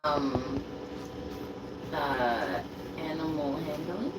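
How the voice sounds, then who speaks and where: A woman playing a tabletop game, talking in an easygoing way with drawn-out fillers. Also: deep voice. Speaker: player. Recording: distant mic with background noise.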